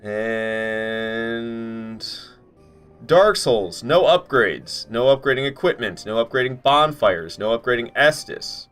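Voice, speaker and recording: A man's voice: medium pitch, lively intonation, slow, fairly bright tone, smooth, faint music behind. Incredulous, cursing male game streamer. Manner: incredulous, swears freely, talks to chat. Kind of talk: casual live-stream commentary.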